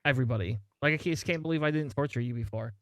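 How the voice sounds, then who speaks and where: A man's voice: mid-range voice, racing, no echo. A man hosting a podcast in casual banter, rambling and cutting himself off as he jokes. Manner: rambling, self-interrupting, joking. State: has been drinking. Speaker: podcast host.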